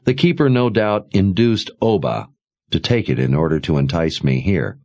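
Audiobook: male narrator as a self-assured young lord, low and lively. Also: normal speed, muffled recording, full character voice. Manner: assured, explanatory. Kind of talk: audiobook character voice.

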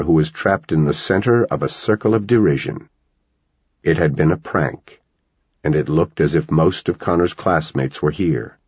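A man with a very low, husky voice narrates a novel in a measured storytelling way. He is close-miked in a dry space, and the recording is slightly dull. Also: no echo. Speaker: audiobook narrator. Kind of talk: scripted narration.

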